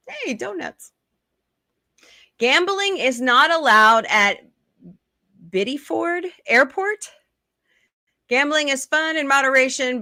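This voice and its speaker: Bright-voiced woman host, chatty and dry. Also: fairly high pitch, no echo. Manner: chatty, reads articles aloud with quick asides and laughs. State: sleepy, yawning. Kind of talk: casual chat reading news aloud.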